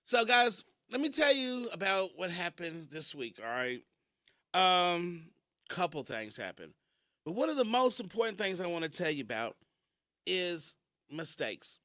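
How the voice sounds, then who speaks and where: Radio host, male, high and very lively voice, laughs often, from Kentucky, dry studio sound. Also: a little slow, dry recording. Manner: animated storytelling, laughs often. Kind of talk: casual radio talk. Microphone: studio mic.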